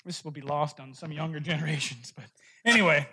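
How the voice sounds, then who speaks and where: Male pastor, high bright voice, playful storyteller in the pulpit, earnest when teaching. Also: fairly even intonation, brisk, slightly rough. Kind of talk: sermon with a told joke.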